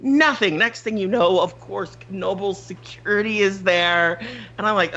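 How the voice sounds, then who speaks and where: A podcast host telling a story in casual chat, animated, swearing freely and laughing often. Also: male voice, sits high, a little slow, lo-fi sound.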